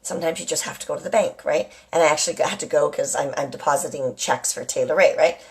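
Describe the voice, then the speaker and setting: A middle-aged woman chats to her live viewers from home in a relaxed, rambling way. She hops from story to story and tags her sentences with a questioning "right?" as she goes. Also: low-pitched, fast. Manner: chatty, rambling, often asks "right?". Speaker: live-stream host. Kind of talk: casual live chat to viewers. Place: at home with a kitchen nearby.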